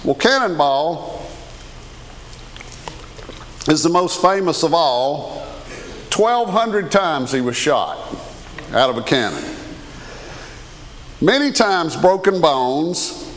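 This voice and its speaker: Animated preacher in a reverberant hall. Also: male voice, fairly high pitch, slow, long pauses, slight background noise. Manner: animated, conversational preaching with questions to the congregation. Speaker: pastor. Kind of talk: sermon.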